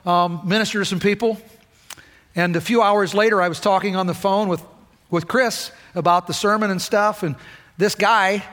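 A man preaching a sermon in a casual, conversational way, with asides and small jokes, turning high and intense as he retells emotional moments. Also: a bit bright. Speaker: lay preacher. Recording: hall reverb.

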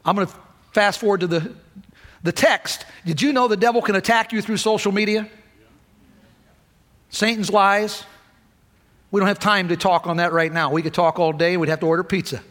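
A man preaching a sermon in a casual, conversational way, with asides and small jokes, turning high and intense as he retells emotional moments. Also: fairly even intonation, moderate pace, pauses often, a bit bright. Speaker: lay preacher. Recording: hall reverb.

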